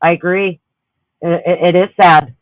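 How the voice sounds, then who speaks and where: A woman hosting a livestream rants heatedly, swearing a lot as she greets her chatters. Her voice is lowish and steady at a moderate pace, and the recording is rough but has no room sound.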